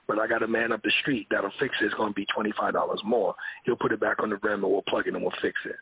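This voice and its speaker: A male co-host in casual podcast chat, with a husky voice, telling anecdotes in a halting way and repeating words as he restarts. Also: on the low side, no echo. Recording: dry, tinny phone-like sound.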